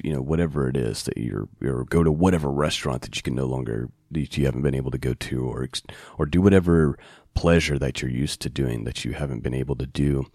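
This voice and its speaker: A man's voice: a bass voice, a little mellow, no room sound. A man teaching a bible passage on a podcast in a conversational way, often checking in with the listener. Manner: conversational, asks the listener "right?" and "okay?".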